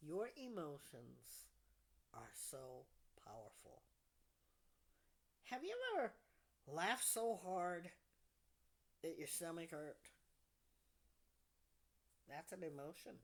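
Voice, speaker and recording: A woman with a low voice leads a group session at an unhurried pace. Her delivery is soft and deliberate, and her phrases often fade to a breathy near-whisper. She sounds calm and reflective. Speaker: podcast host leading a support group.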